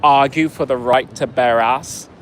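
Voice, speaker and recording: A man's voice: medium pitch, fairly even intonation, measured pace, a little hiss or hum, rough recording. A man telling a story in a profane, sarcastic rant, outdoors in a city. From United States. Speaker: vlogger. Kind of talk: casual ranting storytelling.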